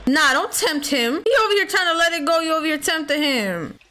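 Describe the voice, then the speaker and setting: A woman's voice: high voice, expressive, fairly quick, pushed and bright, soft background music. Blunt joking woman reacting to a movie. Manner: blunt, joking, talks back to the screen. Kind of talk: casual movie reaction commentary.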